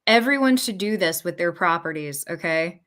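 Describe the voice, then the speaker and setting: A woman's voice: lowish voice, expressive, moderate pace, fairly bright tone. A woman appearing as a guest on a podcast, earnestly giving practical advice in casual chat.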